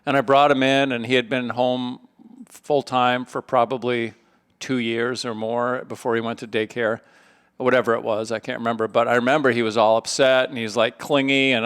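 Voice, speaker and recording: A man's voice: medium pitch, level tone, moderate pace, fairly bright tone, clear, resonant tone. A man co-hosting a podcast, telling a personal anecdote in a casual chat and acting out the voices he quotes. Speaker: podcast co-host.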